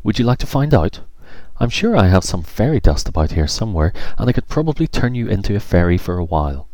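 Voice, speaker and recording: Deep male reader voicing a bossy garden fairy, prim, fussy, dry close sound. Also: sing-song, fast talker, a little mellow, dry recording. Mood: cheerful.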